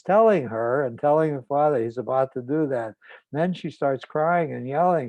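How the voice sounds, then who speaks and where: A man, a psychotherapist, recounting a client's case in a measured, deliberate way. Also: medium pitch, darkish tone, dry recording, rough recording.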